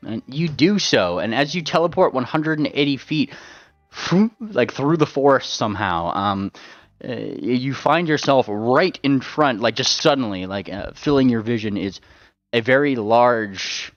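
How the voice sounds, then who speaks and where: A man's voice: mid-range voice, animated, a little slow, no room sound, faint music behind. A man running a tabletop game as game master, rambling with lots of fillers and repeated words. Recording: dull lo-fi sound.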